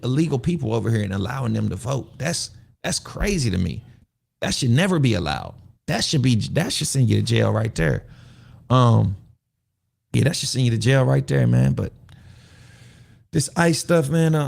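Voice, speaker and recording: A man hosts a loose livestream, speaking at an ordinary middle pitch. His voice carries a gravelly, fry-tinged edge. He rambles, circles back on his points and keeps asking his viewers what they think. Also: a little mellow. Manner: loose, rambling, repeats himself, asks viewers questions. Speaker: show host. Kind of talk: casual livestream commentary.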